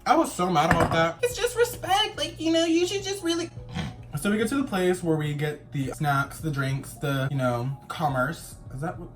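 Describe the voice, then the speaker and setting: A young man telling a storytime vlog in a sassy, campy, dramatic way, shouting for emphasis. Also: fairly high pitch, very animated, normal speed, over music. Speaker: vlogger.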